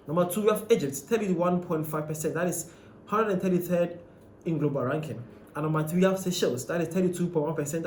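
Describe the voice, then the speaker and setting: Male host, slightly high voice, chatty and questioning, echoey room, faint hiss. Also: a little mellow. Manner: conversational, questioning, with many fillers and restarts. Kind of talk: casual commentary on a ranked list.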